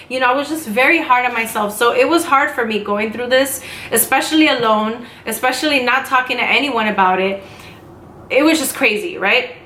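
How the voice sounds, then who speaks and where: Bright-voiced woman rambling to camera. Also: a little high, a little hiss or hum. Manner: rambling, talks in quick asides. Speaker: vlogger. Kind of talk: casual chat to camera. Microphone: camera mic. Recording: echoey room.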